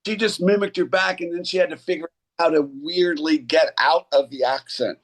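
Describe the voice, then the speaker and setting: Speaking briskly in a slightly high voice, this middle-aged actor and acting coach guests on a podcast. His storytelling is lively and casual, but he rambles and keeps starting his sentences over.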